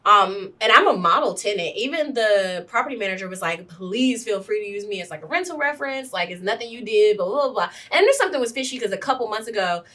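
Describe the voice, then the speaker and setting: A lively woman is co-hosting a casual podcast. Her voice is bright and ringing, and she sits a little back from the mic. She acts out every character in her stories with big comic reactions. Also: medium pitch, fast talker, hardly any pauses, distant mic. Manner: animated storyteller, acts out quotes, shrieks for comic effect. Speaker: podcast co-host. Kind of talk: casual chat.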